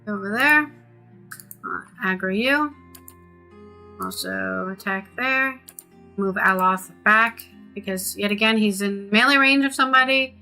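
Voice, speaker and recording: A woman's voice: medium pitch, unhurried, vocal fry, pauses often, pushed and bright, faint music behind. A woman streaming a video game, chatting casually and reading the game's text aloud. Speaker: gaming streamer.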